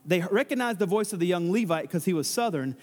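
Man, pastor, high-pitched, conversational sermon, restarts and joking asides, echoing hall. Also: animated, fast. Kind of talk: expository sermon with scripture reading.

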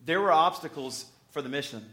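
A man preaching an expository sermon in a conversational way. His voice sits a little high for a man. He stumbles and restarts often, then pushes hard on key points. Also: lively intonation, brisk, sharp tone. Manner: conversational, with bursts of emphasis and acted-out quotes; restarts and stumbles over words. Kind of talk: sermon, expository Bible teaching.

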